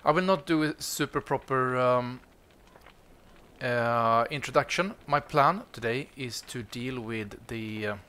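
A man with a bright, forceful voice talks through his gameplay in a loose, chatty way, filling pauses with ums and uhs. His pitch sits in the middle range. A faint hum of noise runs behind him. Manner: chatty, relaxed, many fillers. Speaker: gaming channel host. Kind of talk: casual let's-play commentary.

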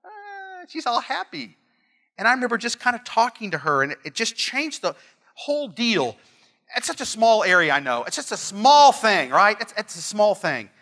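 Male pastor, middle-aged, bright slightly high voice, emphatic and repetitive sermon delivery. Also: sing-song, moderate pace. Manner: earnest, emphatic, repeats phrases, storytelling asides.

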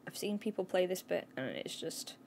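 A woman streaming a game from home into a desk mic, yelping and shouting at it with lots of exclamations. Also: fairly low pitch, expressive, normal speed, creaky, a little hiss or hum. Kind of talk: live gaming stream commentary. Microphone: new desk mic.

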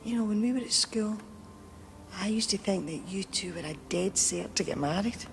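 A woman plays a teasing woman with a middling voice who chats warmly. Soft music plays underneath. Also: mid-range voice, moderate pace, vocal fry, natural voice.

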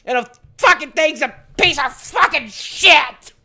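A man's voice: very high-pitched, a little slow, heavily acted. A man voicing an angry, hot-tempered male gamer fan who rants, swears and stammers over his words in a comedic rant to camera. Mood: furious ranting. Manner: shouting rant, stammering repeats, heavy swearing.

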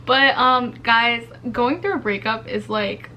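A young college woman vlogs casual, earnest advice to her viewers, chatting with lots of fillers. Her voice is on the high side, bright and forceful, a little slow, with a bit of hiss or hum behind it.

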